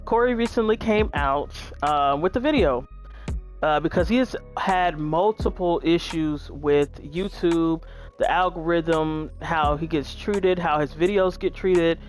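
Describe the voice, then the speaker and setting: A woman's voice: deep voice, slow, faint music behind. Chatty woman gamer talking to viewers. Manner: chatty, relaxed, says "y'all" and "um" a lot. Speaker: gaming YouTuber. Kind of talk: casual gameplay commentary.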